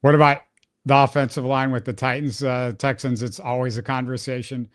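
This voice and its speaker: A man's voice: mid-range voice, level tone, a little fast, no echo, studio quality. A man hosting a sports podcast in casual talk, wry and joking as he rattles off stats.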